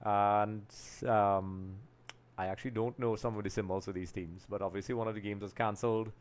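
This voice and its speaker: Smooth-voiced man hosting a live football stream. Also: lowish voice, fairly even intonation, moderate pace. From Trinidad and Tobago. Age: young adult. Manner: casual, rambling, thinks aloud while working.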